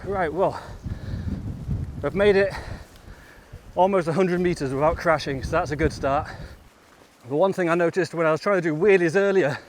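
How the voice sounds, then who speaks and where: A man's voice: on the high side, normal speed, long pauses, slight background noise. A man vlogging outdoors on a bike trail, chatting casually and laughing often between remarks. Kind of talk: casual chat while riding.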